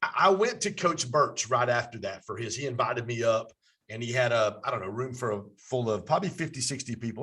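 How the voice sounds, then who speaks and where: An excitable male podcast host with a slightly husky voice. His pitch climbs and dips a lot as he tells stories in an easy, conversational way. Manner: animated storytelling, voice jumps up when excited. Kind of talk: casual interview chat.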